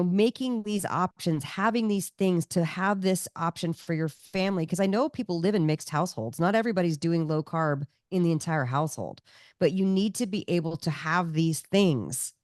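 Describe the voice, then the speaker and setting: A woman with a slightly low voice telling lively, emphatic stories as a podcast guest. She talks with a comic's punchy delivery. The sound is dry and close to the mic. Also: no echo. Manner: animated storyteller, emphatic. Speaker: guest, comedian and cookbook author. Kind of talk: casual interview chat.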